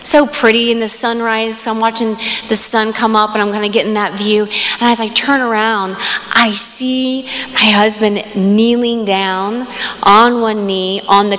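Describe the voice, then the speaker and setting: Young woman speaker at a youth conference, excitable storyteller, reverberant live hall. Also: mid-range voice, measured pace. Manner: animated storytelling, excited exclamations. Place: large hall.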